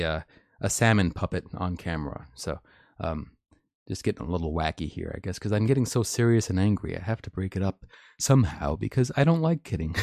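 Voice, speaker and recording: Low-voiced man opinionated on a live stream. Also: darkish tone, dry recording, clean studio sound. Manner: opinionated and rambling, laughs often. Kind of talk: live-stream news commentary.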